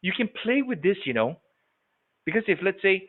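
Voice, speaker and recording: A man leading a live sales training webinar, animated and coaching, often checking that his audience follows. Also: high voice, quick pace. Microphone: video call. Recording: tinny phone-like webinar audio.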